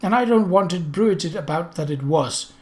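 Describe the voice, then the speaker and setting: A man's voice: lively intonation, moderate pace. A man doing a jovial guttural German-accented prince. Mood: stern. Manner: deep, guttural, jovial then stern. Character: portly jovial royal prince, middle-aged, commanding.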